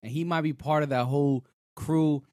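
A man co-hosting a casual show chat, talking in an animated, rambling way with lots of fillers. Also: on the high side, normal speed, dry recording, clean studio sound. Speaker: podcast co-host. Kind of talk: casual chat reviewing a TV episode.

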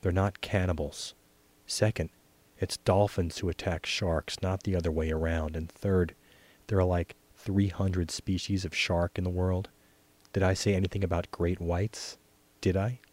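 A man's voice: sits low, level tone, unhurried, a little mellow. A man reading a story and voicing a cocky teenage boy who lectures his friend with a full mouth. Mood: lecturing. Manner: smug, lecturing.

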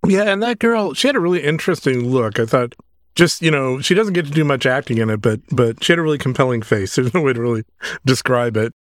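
A man of middle pitch chats casually as a podcast co-host, thinking aloud and adding his own observations. The recording is dry and close to the mic. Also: expressive, fast talker, dry recording. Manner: chatty, thinking aloud, chuckling asides. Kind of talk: casual conversation.

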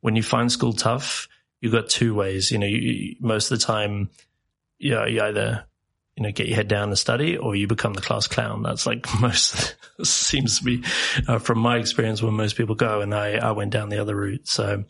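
A man from South Africa, chatting as a guest in a loose interview. His fairly low voice has a gravelly, husky edge. He tells meandering stories, jokes at his own expense and laughs often. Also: flat delivery, normal speed, a bit bright. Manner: rambling, joking storyteller who laughs often. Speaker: podcast guest. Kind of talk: casual interview chat.

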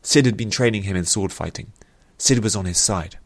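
Deep-voiced male audiobook narrator. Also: no echo. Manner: steady, measured storytelling.

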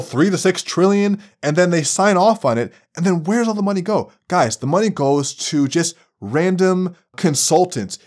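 Young guy podcasting, swears a lot, voice swings low to loud. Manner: animated, profane, rising to shouted outbursts. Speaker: podcast host. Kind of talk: podcast essay commentary.

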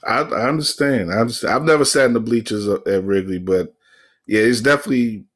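A man's voice: fairly low pitch, fairly bright tone. A man hosting a casual podcast chat, often stalling and repeating words as he talks. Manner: halting, repeats words, laughs along. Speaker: podcast host.

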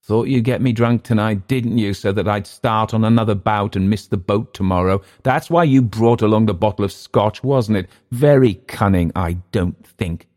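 A man's voice: low voice, animated, normal speed, darkish tone. A man reading aloud, voicing a drunk young Englishman who mocks his companion with jeering taunts. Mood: contemptuous.

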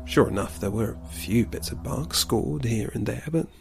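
A man reading a story aloud in a calm, steady storybook narration. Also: mid-range voice, moderate pace, gravelly, soft background music.

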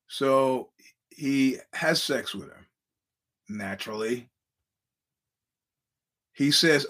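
Rambling, animated male podcast host. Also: mid-range voice, slow pace, long pauses. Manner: rambling, animated, acts out quoted voices. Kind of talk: casual storytelling monologue.

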